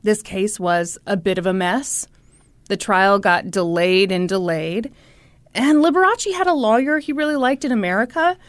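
A woman co-hosting a podcast, telling a story in casual chat with a playful, animated manner. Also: mid-range voice, normal speed, no room sound. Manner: animated, playful, breaks into laughter. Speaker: podcast co-host.

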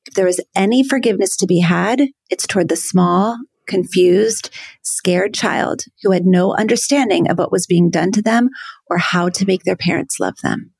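A woman's voice: medium pitch, creaky, a little mellow, no echo. A woman hosting a podcast interview, affirming her guests and reading quotes aloud carefully. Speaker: podcast host.

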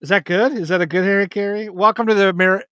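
A man co-hosting a casual sports podcast, jokey and self-deprecating, talking in quick bursts. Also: high voice, steady tone, sharp tone, smooth, no room sound, clean studio sound. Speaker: podcast co-host.

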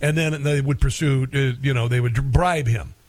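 Sarcastic, rambling middle-aged radio host. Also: male voice, medium pitch, moderate pace, dry recording. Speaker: radio talk show host. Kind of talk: casual talk radio monologue.

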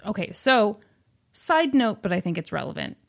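A woman's voice: medium pitch, very animated, normal speed, creaky. A woman podcast host retelling a movie in a chatty, wry way. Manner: chatty and wry, acting out quotes. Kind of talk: casual chat retelling a movie.

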